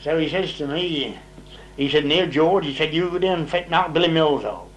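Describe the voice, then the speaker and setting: An older man, interviewed about old farm stories, spins a long, rambling tale in easy dialect grammar at normal speed. His voice sits fairly high for a man, livening up when he voices others' words, and a faint hum runs under the rough recording.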